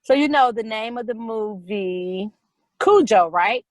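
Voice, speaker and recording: A middle-aged woman casually telling a personal story, animated, with quick repetitive retelling. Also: a little high, no room sound, low-quality recording.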